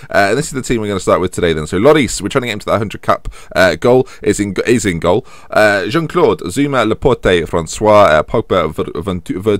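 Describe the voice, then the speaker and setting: A young man talks through a football management game in a casual, self-deprecating ramble, often scolding himself by name. His voice sits on the low side. The recording is close and dry. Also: no echo. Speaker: game commentator. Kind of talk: casual let's-play commentary.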